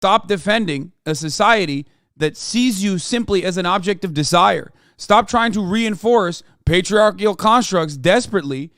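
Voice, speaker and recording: A man streaming reaction commentary, sarcastic and profane, now and then bursting into shouts. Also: sits high, normal speed, dry recording, clean studio sound.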